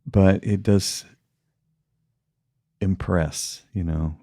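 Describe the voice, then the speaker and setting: A man's voice: sits low, steady tone, drawn-out words, mellow, no room sound, studio quality. A middle-aged man co-hosting a podcast, talking in a reflective, folksy way and often affirming his co-host. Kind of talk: casual podcast chat.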